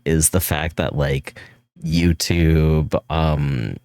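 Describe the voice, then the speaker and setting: A man with a neutral American accent, streaming and chatting casually while drawing, rambling and swearing, laughing often and jumping up in pitch when he jokes. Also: steady tone, drawn-out words, darkish tone, clear, resonant tone, no echo. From California. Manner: rambling, loose, swears often, laughs a lot, voice jumps high when joking.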